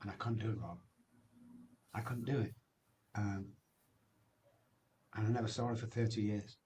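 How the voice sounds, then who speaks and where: A man's voice: fairly low pitch, steady tone, moderate pace, background noise. A man, telling his recovery story as a guest in an emphatic, personal way, often ending phrases with "man". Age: 60s.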